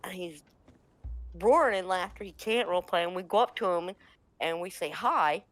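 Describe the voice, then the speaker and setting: A woman's voice: fairly low pitch, normal speed, no room sound. A woman from the United States telling a funny gaming anecdote in casual chat, laughing often. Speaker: storyteller.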